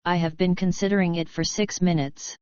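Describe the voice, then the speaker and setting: Woman reading as a brisk American millionaire. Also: lowish voice, fairly even intonation, a little mellow, clean tone, dry recording, muffled recording, lightly acted. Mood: decisive. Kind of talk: audiobook narration.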